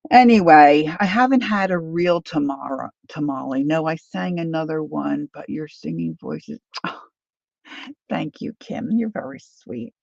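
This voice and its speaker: A woman talks slowly through a live crafting session, her voice gravelly and rough at the edges. She rambles, laughs at herself and greets viewers by name. The sound is dry and close, but a little dull and lo-fi. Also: sits low, expressive, darkish tone, no room sound. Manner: rambling, self-deprecating, chats with viewers by name. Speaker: craft livestream host. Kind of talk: chatty live crafting stream.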